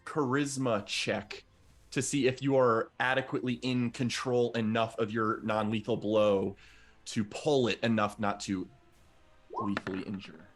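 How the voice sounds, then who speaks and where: A man narrating as game master of a tabletop game, giving calm, measured rulings with frequent fillers. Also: lowish voice.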